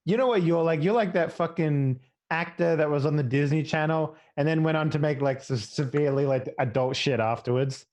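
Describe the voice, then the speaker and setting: A man's voice: on the high side, fairly quick, few pauses, darkish tone. A man teasing his friends bluntly in casual podcast chat. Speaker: player.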